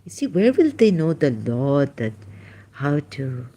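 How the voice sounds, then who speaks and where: A woman talking emotionally on a livestream as an ex-Muslim commentator, halting and searching for words, mixing English with Hindi. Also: low voice, very animated, warm tone. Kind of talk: emotional livestream talk answering questions.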